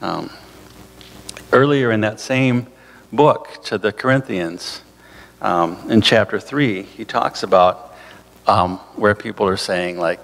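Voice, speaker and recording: A man with a low, gravelly voice preaches in an easy, conversational way, trailing into fillers and little asides. His voice carries a long church reverb. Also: takes it slowly, pauses often. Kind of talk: sermon. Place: church sanctuary.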